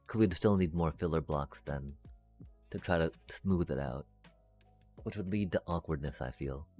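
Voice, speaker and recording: A man's voice: very deep voice, moderate pace, dark tone, soft background music. A man live-streaming a block-building game, thinking aloud to his chat and humming little sound effects as he works. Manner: addresses chat, muttering and trailing off. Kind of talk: casual live-stream commentary while building.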